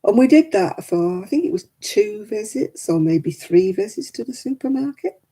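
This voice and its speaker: Older woman, chatty storyteller with a husky, breathy voice. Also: mid-range voice, sing-song, moderate pace, warm tone. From England. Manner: chatty storytelling, laughs often. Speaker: livestream host. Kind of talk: casual chat.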